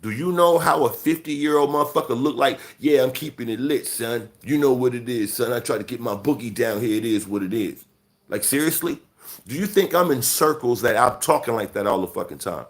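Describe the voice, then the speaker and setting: A Chicago man in his late forties hosts a livestream and goes on a rant, talking fairly quickly in a mid-range voice. He is confrontational and scolding, cursing heavily throughout.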